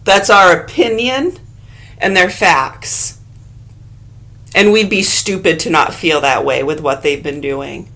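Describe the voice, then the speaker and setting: A woman's voice: lowish voice, slow, sharp tone. Blunt, profane woman ranting to camera. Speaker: vlogger. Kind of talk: angry profane rant to camera.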